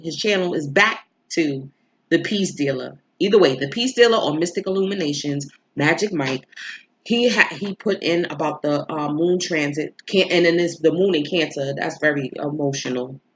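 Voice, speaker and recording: A woman tarot reader telling viewers a personal story in a casual, candid, emotional way, swearing freely. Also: sits low. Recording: slightly dull lo-fi recording.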